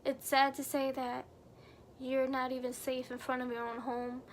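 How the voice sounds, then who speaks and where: Young adult woman, storytime vlogger; high, level delivery, earnest and somber. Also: flat delivery, normal speed, slight background noise. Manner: earnest, somber retelling with many fillers. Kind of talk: storytime narration.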